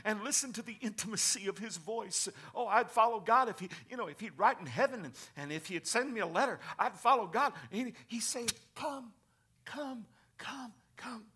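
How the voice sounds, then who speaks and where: Preacher, male, high pitched and bright, dynamic sermon delivery from whisper to shout. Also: expressive, brisk, hardly any pauses, slightly rough. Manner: preaching with scripture readings, swings from whispers to shouting. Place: church before a congregation.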